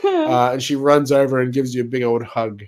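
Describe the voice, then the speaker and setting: Male game master, casual, halting narration with frequent laughter. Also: medium pitch, huge pitch swings, darkish tone.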